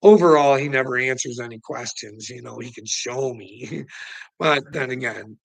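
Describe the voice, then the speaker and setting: A man's voice: mid-range voice, normal speed, gravelly, dry recording, rough recording. A man rambling on his channel, swearing a lot, laughing through his words and taunting people by name. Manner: laughs constantly while talking, profane and mocking. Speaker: channel host. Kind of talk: rambling livestream rant.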